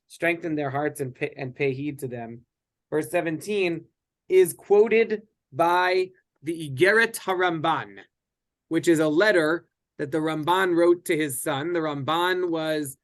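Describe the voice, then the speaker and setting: A man teaching a casual Bible study class, speaking conversationally with frequent restarts and fillers. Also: on the high side.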